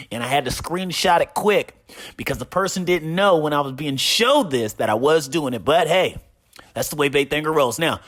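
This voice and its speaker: A man dishes community gossip in a theatrical way, hammering the same one-word tag line and tossing in rhetorical questions. His pitch swoops from high squeaks down to low growls for effect. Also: fairly bright tone. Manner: dramatic, repeats "problem" and "right?". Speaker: community gossip show host. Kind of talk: casual gossip commentary.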